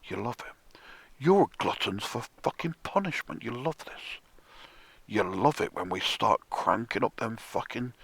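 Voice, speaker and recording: A man's voice: medium pitch, gravelly, fairly bright tone, husky, no echo. A man delivering a sardonic, profane ranting monologue, often dropping into a whisper. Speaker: music commentator.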